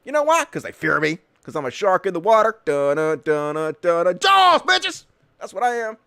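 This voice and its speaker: A man's voice: high-pitched, big pitch swings, fast talker, gravelly, a bit bright, no echo, clean studio sound. A man hosting a political commentary show, talking in a sarcastic, mocking and profane way. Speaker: host.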